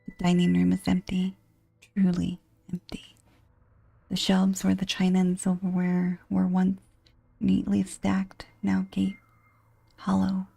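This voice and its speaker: Slow whispered role-play, woman, gravelly dark voice, dry close sound. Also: medium pitch, monotone, no room sound, faint music behind. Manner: slow, hushed, breathy horror whisper. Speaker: game narrator.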